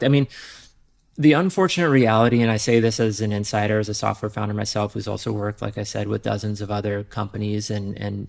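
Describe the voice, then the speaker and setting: A man, a software founder, talking candidly in a podcast interview, rambling with many fillers and restarts. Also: on the low side, vocal fry.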